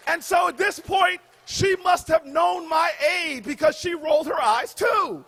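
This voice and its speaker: A man in his forties giving a humorous commencement speech, shouting his punchlines with a preacher-like call and response. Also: extremely high pitch, measured pace, creaky, few pauses, a faint crowd. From United States. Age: 40s. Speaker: commencement speaker. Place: outdoor graduation ceremony stage.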